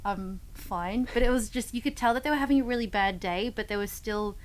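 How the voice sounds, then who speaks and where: Woman fitness coach at mid pitch, loose rambling podcast talk, faint noise behind. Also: a little fast, poor audio. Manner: rambling storyteller with many fillers and restarts. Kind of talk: casual podcast chat.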